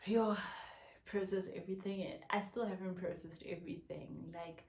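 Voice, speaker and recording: A young woman in her twenties with a South African accent, telling a story in an excitable, chatty vlog style at home. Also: lowish voice, normal speed. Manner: excitable, many fillers like "yo, guys". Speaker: vlogger. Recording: roomy echo.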